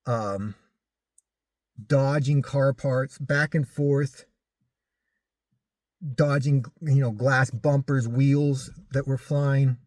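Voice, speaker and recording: A man casually recounting a personal story in halting speech, full of restarts and fillers. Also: mid-range voice, steady tone, a little mellow, dry recording, clean studio sound. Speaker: vlogger recounting a crash.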